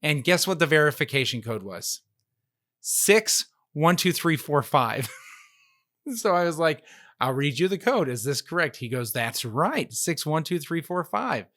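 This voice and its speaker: Guy on a podcast telling a story, acts out the quotes, bright voice. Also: on the high side, big pitch swings, moderate pace. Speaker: podcast co-host. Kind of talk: casual storytelling chat.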